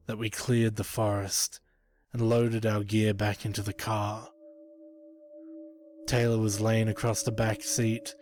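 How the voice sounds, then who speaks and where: A man narrating a creepypasta in a slow, grave storytelling manner. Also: on the low side, darkish tone. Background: faint ambient music.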